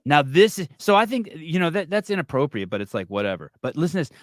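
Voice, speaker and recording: A man hosting a podcast, telling a story in casual chat, swearing often and getting animated. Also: on the high side, quick pace, few pauses, dry recording, studio quality. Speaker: podcast host.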